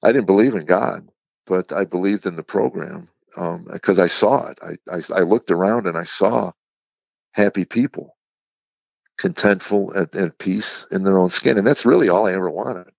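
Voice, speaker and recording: Gravelly-voiced man telling his story. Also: low voice, no echo, muffled recording. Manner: earnest, halting retelling with repeated words and acted-out quotes. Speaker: guest, comedian. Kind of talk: candid storytelling in a podcast interview.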